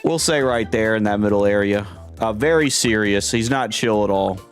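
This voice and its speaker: A man's voice: lowish voice, normal speed, faint music behind. A young man streaming a game, rambling and amused in casual commentary.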